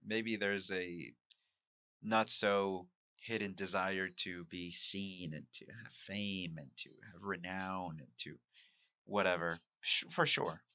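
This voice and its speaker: A man's voice: low-pitched, steady tone, slow, sharp tone, no room sound. A man from Mexico who hosts a podcast and does stand-up, talking through his week in a reflective solo monologue, musing and candid. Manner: musing, self-questioning, candid. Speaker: podcast host and amateur stand-up comic.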